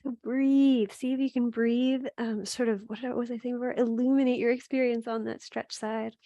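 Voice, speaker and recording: Woman yoga teacher, gentle and chatty, fairly high voice, dry close sound. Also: steady tone, moderate pace, no echo, lo-fi sound. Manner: gentle, chatty, laughs at herself. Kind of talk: guided yoga class instruction.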